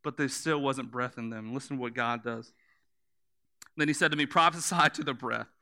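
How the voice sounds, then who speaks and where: A man's voice: mid-range voice, steady tone, normal speed, sharp tone, clear, resonant tone. A man preaching a sermon, telling the story in vivid images, repeating words for emphasis and asking the listeners to close their eyes and imagine.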